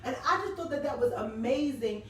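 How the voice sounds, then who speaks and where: A woman's voice: sits high, expressive, brisk, fairly bright tone. A woman hosting a casual live-stream talk show, telling stories animatedly and reading viewer comments aloud. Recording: echoey room, distant mic, faint noise.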